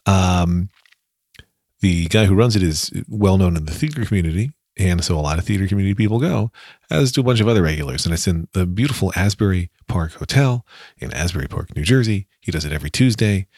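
A man's voice: low-pitched, lively intonation, fast talker, a little mellow, breathy edge, no room sound, clean studio sound. A man hosting his own podcast, telling a rambling, self-deprecating story in a casual solo monologue. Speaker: podcast host.

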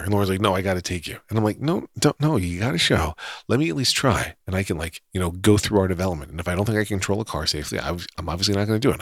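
A man's voice: deep voice, a bit bright, no echo, clean studio sound. A man casually telling a personal story in a wry, self-deprecating way, chuckling often.

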